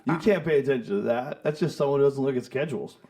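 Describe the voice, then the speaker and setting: A middle-aged man hosting a podcast, offering calm explanations and short reassuring replies. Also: mid-range voice, fast talker, creaky. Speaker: podcast host. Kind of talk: casual podcast chat. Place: podcast studio. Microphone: studio microphone.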